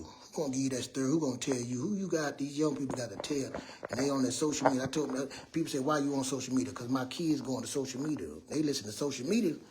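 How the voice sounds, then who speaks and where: A man in his fifties giving a rambling, preachy motivational talk as a mentor, loud and earnest. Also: mid-range voice, a little hiss or hum. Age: 50s. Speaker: mentor speaking to young people. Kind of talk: motivational monologue.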